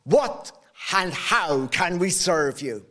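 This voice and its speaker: A man's voice: high-pitched, animated, slow pace, pushed and bright, heavily acted. A man voicing a bold, courteous warrior chieftain who speaks in formal, courtly address in a told folk tale. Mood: proud.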